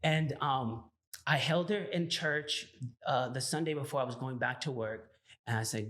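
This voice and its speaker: A man's voice: mid-range voice, normal speed, fairly bright tone. A man talking as a podcast guest in casual chat, earnestly telling his story and acting out his own inner dialogue, often checking in with "right?".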